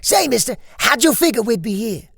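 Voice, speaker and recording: A woman voicing a brash, excitable young country boy who blurts his lines loudly. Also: on the high side, moderate pace, husky, no echo, studio quality, voice pushed up. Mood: excited. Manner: loud, eager and blurting. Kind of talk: horror story reading.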